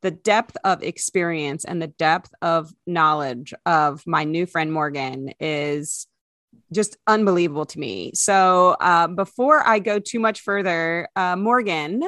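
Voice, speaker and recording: A woman's voice: on the low side, a little slow, a bit bright, no room sound, studio quality. A woman, hosting a podcast and opening it in an upbeat, casual way. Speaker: podcast host.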